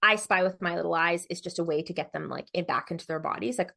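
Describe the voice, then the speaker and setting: A woman's voice: lowish voice, fairly even intonation, brisk, gravelly, hardly any pauses, a bit bright. A middle-aged woman giving a parenting webinar as a psychologist, chatty and informal, with many fillers and self-corrections.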